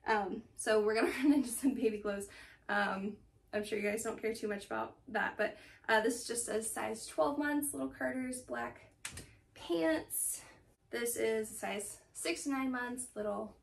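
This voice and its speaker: Young woman rambling about her thrift haul, kinda high voice, lil bit of background noise. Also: a little slow, creaky, far from the mic. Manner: chatty, rambling, laughs often. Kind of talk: casual haul chat. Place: home room.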